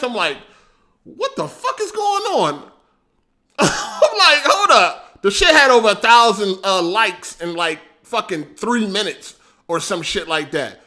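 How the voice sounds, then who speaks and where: A man hosting a casual livestream, animated and slangy, laughing often and swearing freely. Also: fairly high pitch. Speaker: livestream host.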